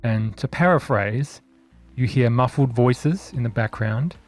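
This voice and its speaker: A man's voice: medium pitch, a little slow, music in the background. A man narrating a tabletop horror game as game master, casual and descriptive.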